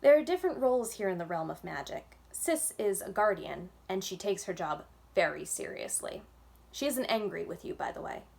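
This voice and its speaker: A woman reading aloud as a tough older woman witch who talks in a gruff, commanding way and barks orders. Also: medium pitch, lively intonation, normal speed, darkish tone. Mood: reassuring. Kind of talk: reading a children's novel aloud.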